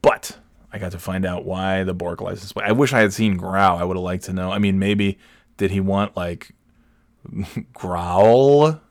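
A man hosting a podcast, telling a rambling, self-correcting story in casual chat and jumping up in pitch when he quotes people. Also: level tone, normal speed, no room sound, clean studio sound. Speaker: podcast host.

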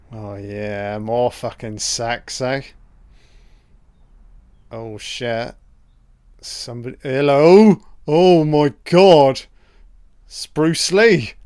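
Male film commentator, unhurried and crude, dry close sound, chatty reactions. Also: medium pitch, smooth, dry recording. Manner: profane, chatty reactions to the screen. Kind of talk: casual film watch-along commentary.

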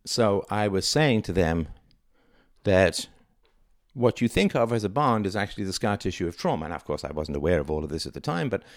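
A middle-aged man with a very low voice talks on his own show in a reflective, conversational way, leaning hard on key words. The recording is dry and close, with no room sound. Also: sing-song, fairly quick, dry recording. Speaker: podcast host. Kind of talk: solo monologue.

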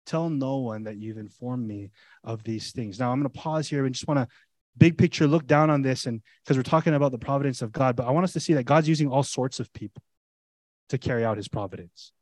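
A male pastor preaching an animated, conversational sermon full of rhetorical questions to his congregation. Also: mid-range voice, fast, no echo.

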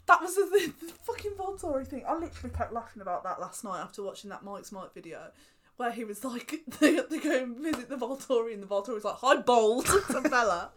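A young woman, co-hosting a casual podcast chat, animated and laughing, swearing casually. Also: on the high side, fast talker, a little hiss or hum. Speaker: podcast co-host.

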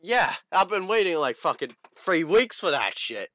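A man's voice: a little high, big pitch swings, normal speed, pushed and bright, no room sound. A teenage man, telling a crude story in casual podcast chat. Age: teens. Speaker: podcast co-host.

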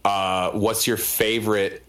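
A man's voice: fairly low pitch, level tone, takes it slowly, fairly bright tone. A man in his thirties, a guest on a podcast, chatting casually and telling a story with many fillers. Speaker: guest rapper.

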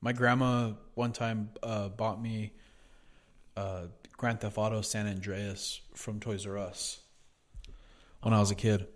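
A young man with a somewhat low voice. He co-hosts a podcast in easygoing chat and tells stories loosely, with plenty of swearing and "dude.". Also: flat delivery, slow. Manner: laid-back, profane storytelling, says "dude" a lot. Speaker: podcast co-host. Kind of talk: casual chat.

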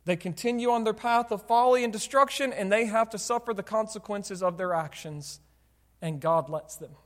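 High-voiced pastor preaching in a reverberant hall. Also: male voice, normal speed, fairly bright tone. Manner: conversational, rhetorical questions to the congregation. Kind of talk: sermon. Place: church sanctuary.

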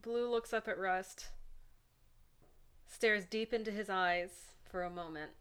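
A woman playing a tabletop game, calmly describing her character's actions. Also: mid-range voice, unhurried, clean tone. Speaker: player.

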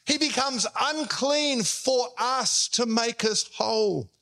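A man delivers a sermon from the pulpit. His voice sits high and sounds bright and forceful. He tells the story in a lively way, slipping into different voices for each quoted line. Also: takes it slowly. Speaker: pastor.

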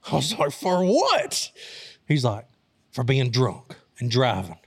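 A man's voice: mid-range voice, animated, moderate pace, husky, no echo, clean studio sound. A young man from Arkansas telling a wild story in casual talk, profane and laughing as he goes. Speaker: storyteller host.

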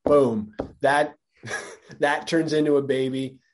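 A man co-hosting a podcast in casual comedic chat, joking and animated, slipping into quick put-on voices. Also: mid-range voice. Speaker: podcast co-host.

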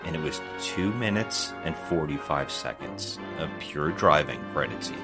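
A man co-hosting a casual podcast, retelling a movie scene by scene with sarcastic, animated commentary. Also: extremely low pitch, moderate pace, loud music behind the voice. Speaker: podcast co-host. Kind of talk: casual movie review chat.

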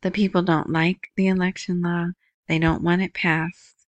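A woman's voice: lowish voice, flat delivery, moderate pace, no room sound. A woman hosting a casual news commentary, chatty, who often asks "right?". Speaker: video host.

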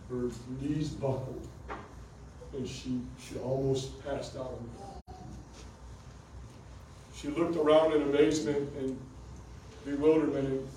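Fervent evangelist in an echoing church. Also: male voice, mid-range voice, slight background noise. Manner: fervent, rising to shouts in quoted speech. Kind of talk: revival sermon storytelling. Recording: echoey church hall from a distance, music behind.

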